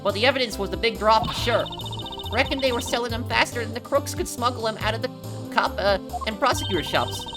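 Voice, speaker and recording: A woman voicing a brash, folksy young woman photographer with a put-on Southern drawl, pitched above her own voice. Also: fast, music in the background, lightly acted. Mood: evasive. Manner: chatty, folksy, higher than her own voice. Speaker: game voice-over player.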